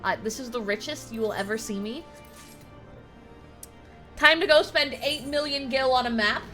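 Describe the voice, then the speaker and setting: A woman streaming a video game, chatting excitedly with viewers, squealing and swearing when surprised. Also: sits high, moderate pace, faint music behind. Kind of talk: casual live-stream chatter while playing.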